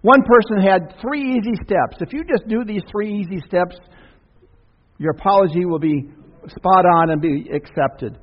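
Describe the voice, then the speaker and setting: A man with a high voice preaches at normal speed as pastor, keeping things folksy and conversational with side comments and questions to the congregation. The sermon takes place in a church sanctuary, captured with dull sound and lengthy church reverb.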